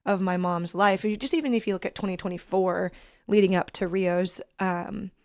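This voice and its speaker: A woman in her thirties, a podcast guest telling a personal story in an earnest, reflective, halting way. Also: medium pitch, steady tone, dry recording, clean studio sound. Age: 30s.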